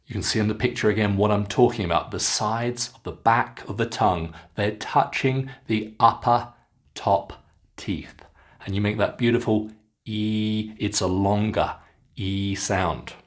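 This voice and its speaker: A man with a British English accent teaching pronunciation, modelling sounds slowly and clearly for learners to repeat. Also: fairly low pitch. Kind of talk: scripted pronunciation lesson.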